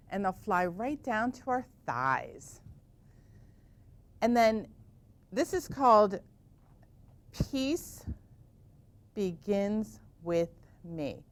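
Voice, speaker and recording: A woman teaching yoga to children in a gentle, encouraging way, asking them lots of questions. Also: medium pitch, no echo.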